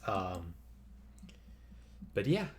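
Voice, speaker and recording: A man's voice: low-pitched, sing-song, very slow, slight background noise. A man vlogging in a loose, rambling monologue, swearing casually and padding with fillers and restarts.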